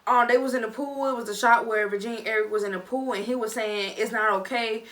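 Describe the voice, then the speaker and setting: A young woman vlogger giving a casual, chatty review, with animated, dramatic reactions. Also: fairly high pitch, quick pace, far from the mic. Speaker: vlogger reviewing a reality show. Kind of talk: casual chat.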